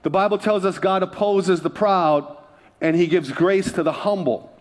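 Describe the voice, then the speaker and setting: In a church, a male pastor preaches a sermon at normal speed, his voice pitched slightly higher than most men's. His delivery is loose and conversational, with jokes for the congregation between points.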